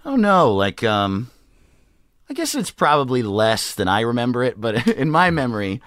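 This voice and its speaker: A man's voice: mid-range voice, very animated, normal speed, fairly bright tone, dry recording, studio quality. A young man, a comedian, chatting casually on a podcast, laughing often and acting out quotes. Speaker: comedian guest. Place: garage studio.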